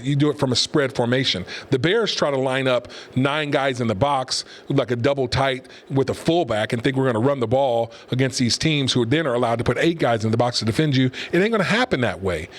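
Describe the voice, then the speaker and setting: A man's voice: medium pitch, lively intonation, fairly quick, hardly any pauses. A middle-aged man hosting a talk show and giving opinionated, rambling commentary in a conversational way. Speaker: host and pastor. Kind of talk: casual commentary podcast.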